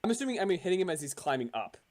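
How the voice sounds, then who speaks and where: A man with a high voice plays a tabletop game, cursing freely as he reasons out loud through his attack options. His talk is loose and casual. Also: sing-song, racing. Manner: swears a lot, thinks out loud about moves. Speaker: player.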